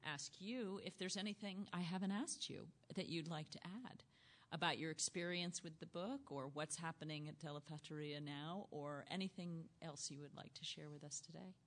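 Woman, low voice, event host, chatty, laughs often, lots of ums. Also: normal speed. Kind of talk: live onstage interview with audience.

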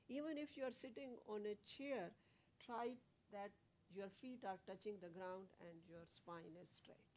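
A woman's voice: mid-range voice, darkish tone, slight background noise. A woman teaching meditation to a small group, explaining with many fillers and restarts. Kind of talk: lecture with audience questions.

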